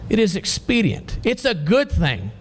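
High-voiced man preaching a sermon. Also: wildly swooping pitch, unhurried, a little hiss or hum. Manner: emphatic, questioning the congregation.

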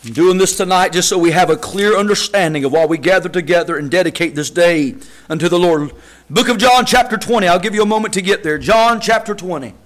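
A man preaching a sermon at a church service, reading scripture in a slow, stretched cadence and building to emphatic shouts before dropping low again. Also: low-quality recording. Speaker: pastor.

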